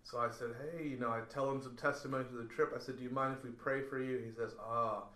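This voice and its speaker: A man's voice: medium pitch, fast, roomy sound. A man on a podcast, telling a story casually and acting out what people said. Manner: animated storyteller, acts out quoted lines. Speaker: podcast guest.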